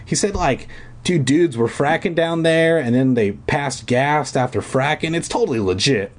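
A man's voice: fairly high pitch, expressive, moderate pace, pitched above the performer's own voice, natural voice. A man doing a scoffing teen boy camper. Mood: impatient. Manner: mocking, impatient.

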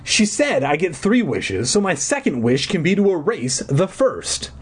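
A frantic schoolgirl, put on by a man in a high, squeaky, mock-melodramatic voice. Her pitch leaps all over the place, and the voice sounds a bit husky. It is played for laughs, like a comic read of a storybook. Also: big pitch swings, a little slow, full character voice. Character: panicky schoolgirl narrator, frantic and whiny.

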